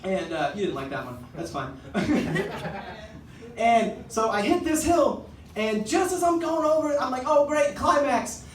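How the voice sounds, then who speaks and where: A man's voice: very high-pitched, animated, a little slow. A man doing a stand-up routine on a theater stage, telling a rambling, self-deprecating story with stammered restarts. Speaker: stand-up comedian. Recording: echoey theater from far off, audience noise.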